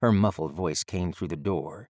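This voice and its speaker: Low-voiced male audiobook narrator. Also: normal speed, a little mellow, no room sound, clean studio sound.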